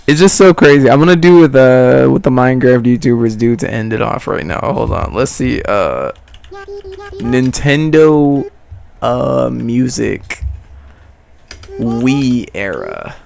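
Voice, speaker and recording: A man's voice: medium pitch, big pitch swings, slow, gravelly, darkish tone, a little hiss or hum. A young man streaming live, chatting in a laid-back, rambling, slangy way and laughing often, with music playing behind him. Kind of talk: casual livestream reaction chat.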